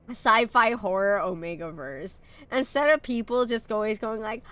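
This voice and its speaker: A woman's voice: fairly high pitch, normal speed, few pauses, a bit bright, smooth, no echo. Nasal, sick woman streamer. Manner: chatty, swears casually, reads game files aloud. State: sick with a sore throat and coughing. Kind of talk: casual game commentary.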